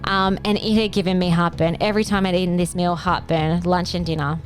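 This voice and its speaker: Woman host, heartfelt personal monologue, voice lifts when moved, soft music underneath. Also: brisk. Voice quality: earnest, emotional. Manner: expressive, rising into pitch when moved. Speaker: functional medicine podcast host. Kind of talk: personal health story monologue.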